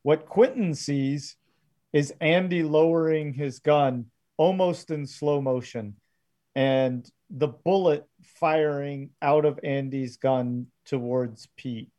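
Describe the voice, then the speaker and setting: Slow, mellow-voiced male game master. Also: fairly high pitch, muffled recording. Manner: halting, filler-heavy narration. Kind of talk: narrating a tabletop game.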